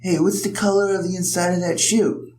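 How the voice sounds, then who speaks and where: A man's voice: sits high, steady tone, a little fast, darkish tone, a little hiss or hum, pitched above the performer's own voice, natural voice, rough recording. A man mimicking a scrawny, pushy stranger in his late thirties, in an offhand, lightly mimicked way while telling a story. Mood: curious.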